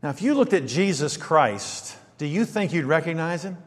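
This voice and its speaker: A man preaching a sermon in an animated way, firing rhetorical questions and acting out quoted lines. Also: on the high side, normal speed, in a large hall.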